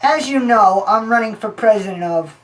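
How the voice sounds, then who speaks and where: A woman playing a rambling, scheming female informant who tells long stories in a deadpan way. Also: medium pitch, moderate pace, close to an everyday voice, poor audio. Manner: long-winded, deadpan storytelling.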